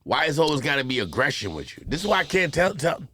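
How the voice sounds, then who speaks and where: A man's voice: on the high side, sing-song, fast, bright, forceful tone, breathy edge. A man hosting a podcast, teasing his guest in casual comedic banter, loose and profane. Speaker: podcast host.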